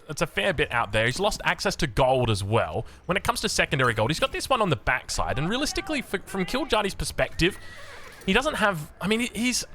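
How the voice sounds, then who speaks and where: An Australian man casting a strategy game, rambling excitably into anecdotes with lots of restarts. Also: a little high. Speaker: game caster.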